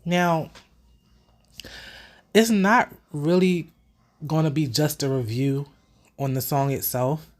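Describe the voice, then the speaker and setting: A young woman talks to her viewers in a loose, animated commentary, swearing without a second thought. Her nose is still a little stuffy from a cold, so her voice comes out slightly blocked. She keeps it casual, like she is catching up with friends. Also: deep voice, takes it slowly, long pauses. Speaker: vlogger host.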